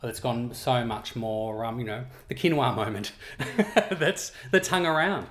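A middle-aged Australian man, a chef talking casually about his cookbook in a relaxed, rambling way with frequent chuckles. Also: medium pitch, unhurried. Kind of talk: casual interview chat.

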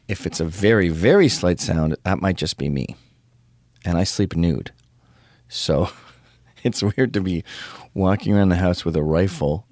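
Crude, animated man ranting. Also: sits low, no room sound. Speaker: show host. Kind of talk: casual monologue.

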